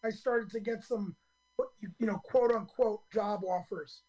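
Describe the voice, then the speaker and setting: A hoarse man in his fifties, a stand-up comedian telling his story in a radio interview, earnest and full of ums and restarts. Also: high-pitched, steady tone, measured pace, mellow, rough recording.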